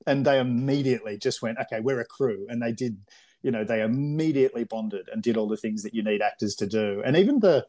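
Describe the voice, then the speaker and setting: A man with an Australian accent, a film director telling lively stories in a casual interview and acting out other people's voices. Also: medium pitch, a little fast. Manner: animated storyteller, acts out voices, many fillers.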